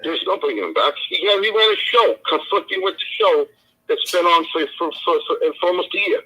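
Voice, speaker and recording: Man, husky, bright, lively pitch, tough-guy banter, casual stream chat. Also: fairly quick, low-quality recording. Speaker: co-host telling stories.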